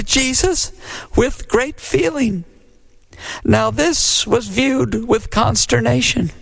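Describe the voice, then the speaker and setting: A man recites a story poem at an unhurried, deliberate pace. His pitch sits mid-range for a man. The delivery is a measured piece of storytelling. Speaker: cowboy poet reciting.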